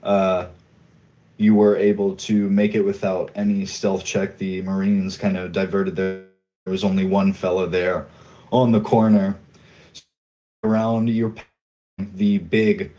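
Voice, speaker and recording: A man running a tabletop game as game master, calmly describing scenes and directing players. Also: deep voice, poor audio.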